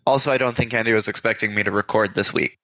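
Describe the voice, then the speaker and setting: A man's voice: on the low side, steady tone, fast, sharp tone, dry recording. A man hosts a podcast in easy casual chat, wandering through his points and stopping to correct himself. The sound is dry and close, with no room around it. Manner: rambling, self-correcting. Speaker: podcast host.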